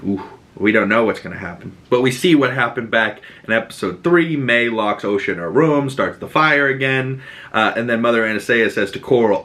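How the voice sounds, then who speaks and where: A man hosting a podcast, recapping a show in excitable casual chat, swearing freely and acting out the scenes. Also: medium pitch, normal speed, rough recording. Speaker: podcast host.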